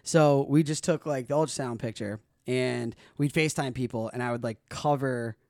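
Animated, foul-mouthed male podcast host. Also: mid-range voice, moderate pace, no echo, studio quality. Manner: animated, profane, acts out scenes. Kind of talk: casual podcast storytelling. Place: podcast studio.

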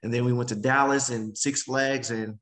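A man, a guest speaker in an interview, telling his story in a casual, animated way and acting out other people's voices. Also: medium pitch, normal speed, rough recording. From Memphis, Tennessee. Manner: animated, acts out quoted voices.

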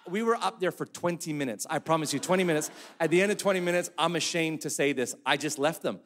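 A male pastor, likely in his thirties or forties, telling a funny family story in a sermon with animated, self-mocking humor. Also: fairly high pitch, fast talker, hardly any pauses, some chatter behind. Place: church hall. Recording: echoey church hall.

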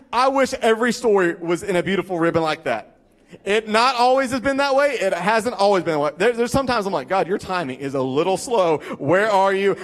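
High-voiced pastor preaching animatedly. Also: male voice. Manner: animated, acts out quoted voices, repeats for emphasis. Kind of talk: sermon with storytelling.

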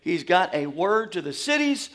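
A man from Louisiana with a Southern accent, teaching a sermon in an animated, folksy way. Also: high voice, normal speed. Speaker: pastor.

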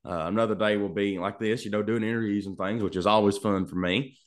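Young man, Kentucky Southern drawl, lowish voice, folksy and polite, casual interview from a home studio. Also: steady tone, a little fast. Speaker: country singer-songwriter guest.

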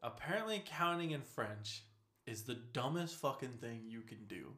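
A man's voice: medium pitch, animated, normal speed, pushed and bright, roomy sound. A young man in casual chat, rambling, laughing often and swearing offhandedly.

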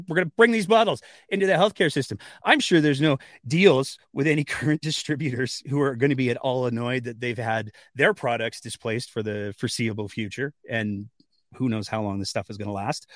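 A man's voice: a little high, dry recording, studio quality. Sarcastic man hosting commentary. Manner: sarcastic, animated, mocking asides. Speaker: political commentary host. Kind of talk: opinionated political commentary.

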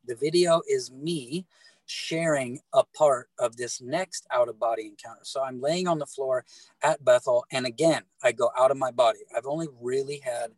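A middle-aged man telling his faith story in casual talk, animated and halting, often repeating words and restarting. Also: mid-range voice, no echo, low-quality recording. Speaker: guest telling his testimony.

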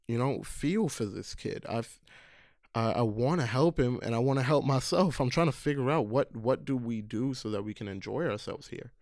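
A man's voice: medium pitch, a little mellow, no room sound, clean studio sound. A man casually telling a heartfelt personal story, earnest, with frequent fillers and restarts. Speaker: storyteller recalling camp counseling.

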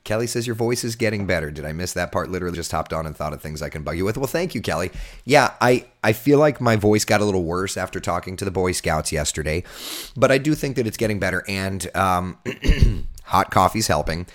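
A man with a hoarse, recovering voice, hosting a casual live weather chat and reading out viewer comments. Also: sits low, lively intonation, a little fast. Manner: chatty, jokey, reads out viewer comments.

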